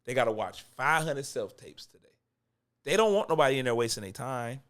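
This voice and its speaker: A man's voice: mid-range voice, animated, fairly quick, fairly bright tone. Man, acting coach, casual coaching talk, close mic, repeats points, conversational. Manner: conversational, repeats points for emphasis, chuckles between lines. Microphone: close microphone.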